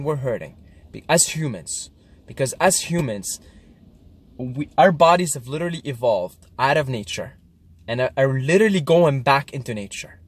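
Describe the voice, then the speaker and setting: A man in a casual confessional monologue, earnest and repetitive, swinging between hushed and emphatic delivery and often tagging on "right?" and "okay?". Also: mid-range voice. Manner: frequent fillers like "right?" and "okay?". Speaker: vlogger recounting a psychedelic trip.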